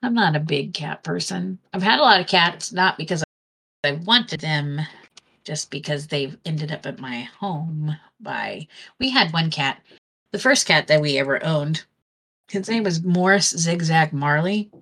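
Low-voiced woman telling a rambling story. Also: unhurried, creaky, a bit bright. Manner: rambling storyteller who acts out quoted dialogue. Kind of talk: casual conversation.

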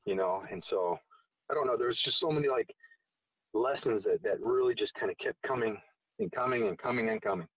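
A man's voice: lowish voice, fairly quick, husky, no room sound, recorded from a distance. A man telling a long personal story in a casual, rambling way with frequent swearing. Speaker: guest. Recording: tinny phone-like sound from off-mic.

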